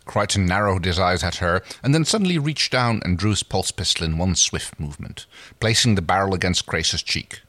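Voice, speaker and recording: A man's voice: sits low, expressive, a little fast, pushed and bright, no room sound. A man co-hosting a story reading, reading aloud with laughing asides. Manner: laughs easily, apologetic slips.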